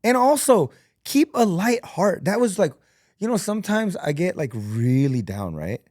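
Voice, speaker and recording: A man who is a podcast guest and entrepreneur, telling stories in an earnest, animated and emotional way. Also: high voice, normal speed, no echo, studio quality. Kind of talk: emotional, candid conversation.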